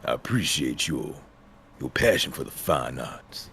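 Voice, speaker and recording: A man voicing a suave, smooth-talking male cat gangster in improvised play, low and purring as he flirts. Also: big pitch swings, unhurried, a bit bright, a little hiss or hum, exaggerated voice. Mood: smooth flirting. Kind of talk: improvised voice acting on a live stream.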